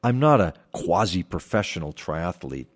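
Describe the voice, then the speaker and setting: Podcast host, man in his 50s: deep, expressive pitch, measured reflective storytelling. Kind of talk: scripted podcast monologue.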